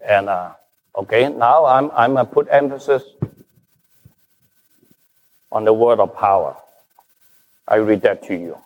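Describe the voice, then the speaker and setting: A man preaching a sermon as pastor, slow and emphatic, his stresses rising and falling. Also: fairly low pitch, muffled recording. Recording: long reverb of a large hall.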